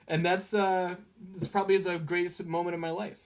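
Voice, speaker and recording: Animated man telling stories. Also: sits high, a little fast, slight background noise. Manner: animated storytelling, laughs often. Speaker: podcast co-host. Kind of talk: casual movie review chat.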